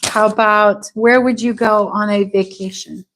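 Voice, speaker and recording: Slow, patient female English teacher. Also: medium pitch, steady tone, fairly bright tone, a little hiss or hum, poor audio. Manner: slow, patient, drawn-out repetition of words. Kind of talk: live online English class.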